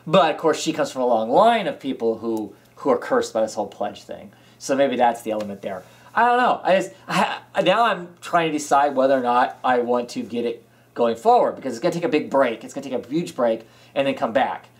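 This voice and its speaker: A man's voice: mid-range voice, expressive, a little fast. A man co-hosting a casual comic book chat, rambling and hesitant, with frequent restarts. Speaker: podcast co-host. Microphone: camera mic.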